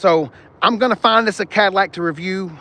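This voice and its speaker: Brisk and high-voiced with a pushed, bright tone, a car channel host does a live stream outdoors on a car lot, joking with viewers and speaking bluntly. He has no external mic, and wind hits the microphone.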